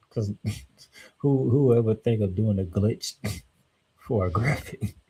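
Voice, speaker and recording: A man's voice: fairly low pitch, takes it slowly, dark tone, slightly rough. A man co-hosting a casual football chat, slangy and defensive in playful banter. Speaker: co-host.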